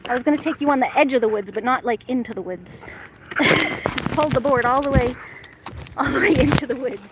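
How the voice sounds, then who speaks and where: A woman's voice: sits high, brisk, background noise. A woman filming herself outdoors at a lake with her dog, talking casually and laughing often, recorded by a camera on a tripod. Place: outdoors at a lake shore and woods.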